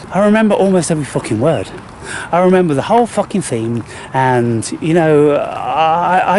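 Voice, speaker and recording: Animated, swearing man outdoors. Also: fairly high pitch, a little hiss or hum. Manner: profane, rambling, animated, frequent restarts. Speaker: spiritual vlogger. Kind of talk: unscripted monologue vlog. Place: outdoors in a graveyard.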